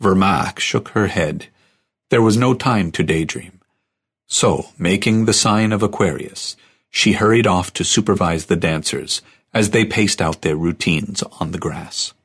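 Brief: male audiobook narrator, very low voice, husky and measured. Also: a bit bright. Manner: measured storytelling.

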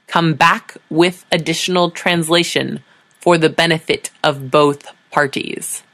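A woman's voice: sits low, fairly even intonation, a little slow, fairly bright tone, no room sound. A woman voicing a weary, exasperated diplomat who speaks in a dry, sardonic way.

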